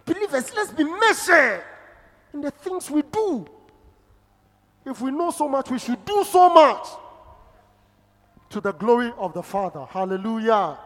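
A pastor, preaching a sermon with emphatic swings between loud exclamations and low murmurs. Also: very animated, a little slow, long pauses, big-room sound.

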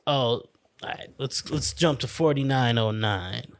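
A man's voice: mid-range voice, unhurried, fairly bright tone, no echo. A man hosting a casual podcast, rambling and swearing bluntly as he talks through documentaries. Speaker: podcast host.

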